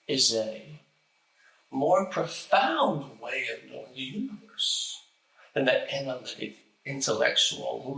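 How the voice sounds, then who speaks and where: A man with a stutter reciting a spiritual lecture as the host, slow and deliberate, with pauses. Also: mid-range voice, sharp tone, reverberant, low-quality recording.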